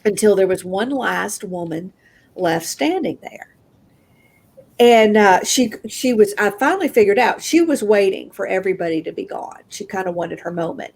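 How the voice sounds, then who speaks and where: A woman with a Southern American accent telling a personal story as an interview guest, acting out the voices of the people in it with big jumps in pitch.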